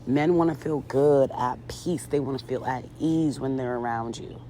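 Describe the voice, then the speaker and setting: A woman's voice: a bass voice, moderate pace, mellow, a little hiss or hum. A woman recapping a reality show in casual commentary, sassy and chatty with lots of fillers, talking to her viewers as girl and ladies.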